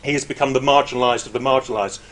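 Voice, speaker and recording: A middle-aged university lecturer gives an informal academic talk in a lively, chatty style full of hesitations and asides. He speaks very fast in a mid-range voice.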